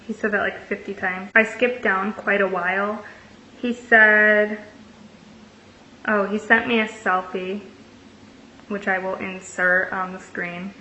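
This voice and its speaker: A woman's voice: mid-range voice, steady tone, slow pace, long pauses, sharp tone. A young woman in a casual storytelling vlog, reading out messages with sarcastic asides. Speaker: vlogger. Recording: echoey room, dull lo-fi sound, faint hiss.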